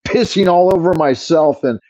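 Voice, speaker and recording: A man's voice: on the high side, normal speed, dark tone, dry recording. A man hosting a livestream, telling an exaggerated, profane story in a rambling way over a wireless earbud mic. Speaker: livestream host. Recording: dull dry earbud mic sound.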